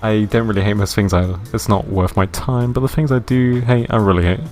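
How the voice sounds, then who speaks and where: A man reading the lines of a gloomy, cynical dead young woman in a game, in a deadpan, flat way. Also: on the low side, fairly quick, soft background music, natural voice. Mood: sullen.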